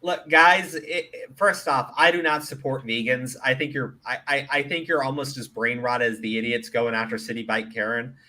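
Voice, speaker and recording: With a mid-range voice at a moderate pace and hardly any pauses, a Middle Eastern commentary host rants on his casual show. The talk is profane and animated, broken up by frequent laughter and stammered restarts.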